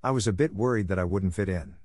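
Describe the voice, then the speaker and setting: A man voicing a timid little male terrier dog with a soft, self-effacing voice. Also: sits low, fast, no echo, studio quality.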